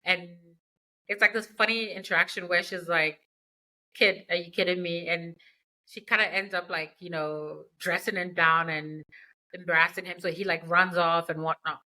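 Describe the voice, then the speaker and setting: A woman's voice: fairly low pitch, steady tone, moderate pace, pushed and bright, poor audio. A woman hosting a podcast, retelling a book's plot in a chatty, slangy way with asides. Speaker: podcast host. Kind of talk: casual book recap.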